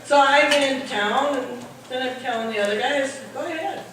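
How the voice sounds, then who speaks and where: High-voiced woman telling a story in a hall. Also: a little fast. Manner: animated, acts out the men's shouting in a higher voice. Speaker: storyteller at a party. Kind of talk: live comic storytelling. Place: hall at a holiday party. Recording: echoey hall, mic at a distance, audience noise.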